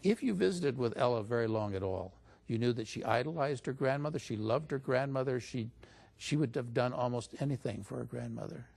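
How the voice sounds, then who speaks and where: A man's voice: mid-range voice, a little fast, creaky, darkish tone. A man as an interview guest, telling a story in a casual way and lifting his voice when he quotes other people. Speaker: interview guest recounting stories.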